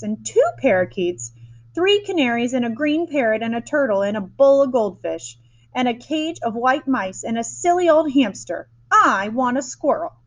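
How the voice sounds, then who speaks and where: A woman voicing a spoiled, demanding little rich girl who shouts for what she wants, reading a storybook aloud. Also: full character voice. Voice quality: shrill and demanding.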